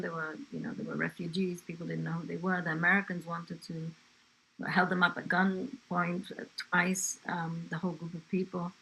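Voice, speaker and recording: Older woman from england telling family stories, low-ish gravelly voice, lots of ums. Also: sharp tone, poor audio. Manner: conversational, with fillers and asides. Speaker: interviewee, grandmother. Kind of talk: family history storytelling.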